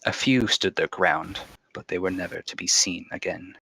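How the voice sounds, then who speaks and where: A man's voice: sits low, fairly even intonation, creaky, sharp tone, breathy edge, full character voice, low-quality recording. A man doing a theatrical old storyteller. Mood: dramatic. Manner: slow dramatic proclaiming.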